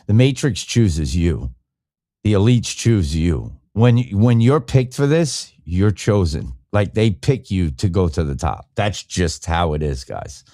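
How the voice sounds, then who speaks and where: A middle-aged man riffing loosely on a live podcast, swearing freely and jumping from point to point. His pitch swings widely as he gets worked up, and the sound is close and dry with no room around it. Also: mellow, no echo. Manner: profane, rambling, fired-up and opinionated. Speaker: podcast host. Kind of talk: casual live-stream rant.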